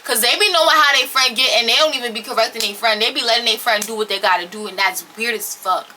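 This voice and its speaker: A young woman tells a story in a casual vlog style, blunt and animated, swearing freely. Her voice is very bright and sharp and sits a bit high. A faint hiss of noise runs underneath. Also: quick pace. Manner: blunt, profane, animated retelling. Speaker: storytelling vlogger.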